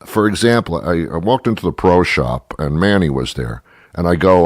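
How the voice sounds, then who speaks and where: A man's voice: sits low, moderate pace, no echo, studio quality. A man hosting a talk radio show, telling a story as a comedic rant, exasperated and sarcastic, with mock-pedantic asides.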